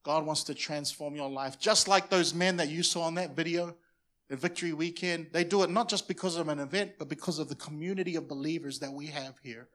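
A man's voice: a little high, fairly quick, fairly bright tone. A man preaching a passionate sermon as pastor on a church stage, often repeating words as he builds in intensity.

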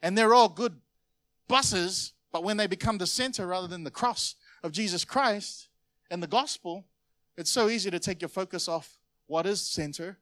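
A pastor gives a sermon in church, talking to his congregation like he's chatting with them, then suddenly punching a phrase out loud. His voice sits a little higher than most men's. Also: no room sound. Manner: conversational preaching, sudden loud emphases.

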